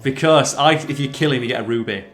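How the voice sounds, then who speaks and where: A man hosting a let's play, chatting excitedly over gameplay, swearing freely and quizzing his co-player. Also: medium pitch, fast talker. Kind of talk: casual gameplay commentary.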